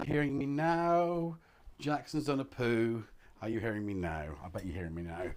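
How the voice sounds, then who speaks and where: A man's voice: mid-range voice, normal speed, darkish tone, a little hiss or hum. A man hosting a live stream as he repairs a synthesizer, chatting casually and muttering to himself mid-task with self-deprecating asides. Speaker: livestream host repairing a synth. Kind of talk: casual live-stream chat while working. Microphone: wireless mic that drops out of range.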